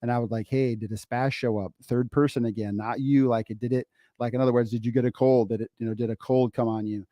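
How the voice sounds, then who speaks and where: This fast-talking podcast co-host, a middle-aged dad, has a steady, mid-range voice that sounds warm and mellow. Recorded dry on a close mic without echo, he spins lively stories in casual talk, leaning on repeated phrases for emphasis.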